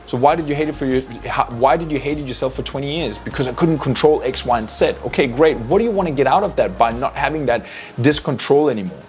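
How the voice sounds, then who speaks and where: A man talking to camera as a coach, giving energetic, casual motivational tips, often checking in with "right?" and swearing freely. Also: medium pitch, quick pace, soft background music. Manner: energetic, repeats "right?" to the viewer. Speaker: life and fitness coach.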